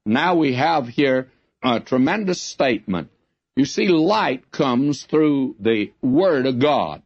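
Man, Bible teacher, very slow and deliberate, earnest and emphatic, muffled old recording. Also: medium pitch, expressive. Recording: dull lo-fi recording.

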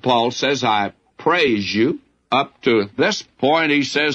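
A man's voice: mid-range voice, animated, slow, a bit bright, dull audio. A man preaching a verse-by-verse sermon as a Bible teacher, in a folksy way with frequent asides.

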